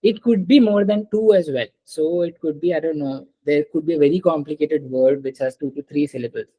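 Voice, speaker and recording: A woman's voice: low-pitched, a little fast, mellow, breathy edge, low-quality recording. Patient female French tutor on a call. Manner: patient, repeats and checks with students. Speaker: French teacher. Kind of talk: online class teaching.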